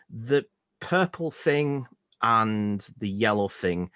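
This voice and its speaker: A man's voice: on the low side, fairly bright tone, no room sound, studio quality. A man with a Northern English accent, co-hosting a podcast in casual, rambling, jokey chat. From Northern England. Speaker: podcast co-host.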